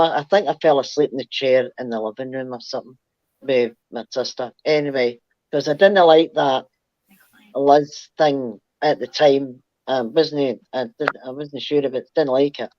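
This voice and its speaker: A woman's voice: rumbling low, dry recording. Older woman, rambling chatty storyteller, dry dull recording. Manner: rambling, chatty, laughs through her story. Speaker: guest. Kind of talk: casual storytelling.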